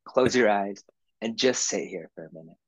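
A man guest on a podcast interview, talking in an easygoing, calm coaching way and laughing often. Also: lowish voice, normal speed, no room sound, rough recording. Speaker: podcast guest, author and yoga instructor.

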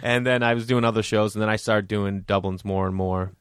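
A man's voice: fairly low pitch, fairly quick, smooth, no room sound, studio quality. A man, a stand-up comedian, telling stories in casual podcast chat and acting out the voices of people he quotes. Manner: animated, acts out quoted voices.

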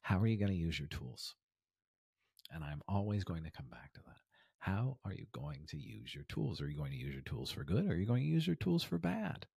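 A man hosting an inspirational podcast in a casual monologue, swinging from loud emphasis to near whispers. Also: sits low, sing-song, fairly quick, gravelly, slightly rough, no echo, studio quality. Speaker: podcast host.

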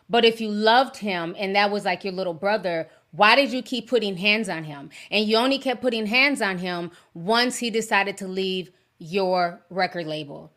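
Bright, sassy woman commentator. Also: medium pitch, moderate pace. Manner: blunt, sassy, talks straight to viewers. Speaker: host. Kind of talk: celebrity news commentary.

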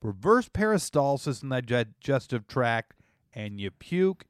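A man's voice: medium pitch, sing-song, a little slow, clean tone, no room sound, clean studio sound. A man hosting a casual comedy radio show, playful and laughing often, explaining with frequent asides.

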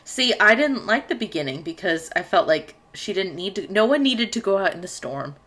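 A woman's voice: mid-range voice, very animated, normal speed, a bit bright. A woman co-hosting a podcast, chatting casually and recapping a sitcom episode, laughing often. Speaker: podcast co-host.

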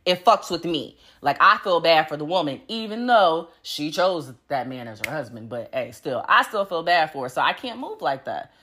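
A woman hosting a casual solo podcast, blunt and profane, laughing between points as she swings from loud emphasis to low muttering. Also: expressive, normal speed, few pauses, slight background noise. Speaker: podcast host.

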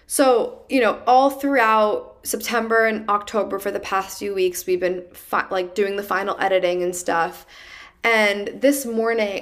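A young adult woman hosting her podcast, telling a personal story in a casual, animated way and saying "like" often. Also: medium pitch. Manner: chatty and animated, heavy use of "like". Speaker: podcast host.

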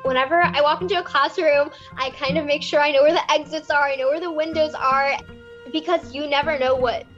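A woman's voice: high voice, steady tone, brisk, fairly bright tone. A nineteen-year-old woman from California earnestly tells a personal story as a young climate volunteer. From California, USA. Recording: muffled recording with music underneath.

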